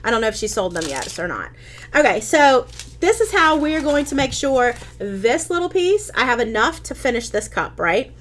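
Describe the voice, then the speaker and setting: A chatty woman with a slightly high voice hosts a casual craft tutorial streamed live. She talks her viewers through each step and answers their comments as they come in, filling the gaps with ums and quick restarts. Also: very animated, a bit bright, a little hiss or hum.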